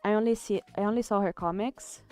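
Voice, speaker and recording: A woman in her thirties with a light Italian accent chats in a casual, reflective way as she draws for her stream. Her voice is smooth and clear, at a middle pitch. Soft music plays faintly behind her. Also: steady tone, fairly quick. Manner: chatty and reflective, reads chat aloud. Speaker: art streamer. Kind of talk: casual chat while drawing.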